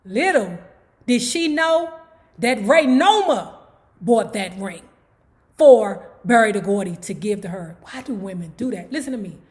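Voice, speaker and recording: A woman's voice: mid-range voice, lively intonation, measured pace. A woman hosting an online book club, reading a memoir aloud and breaking off for sassy, profane commentary to her viewers.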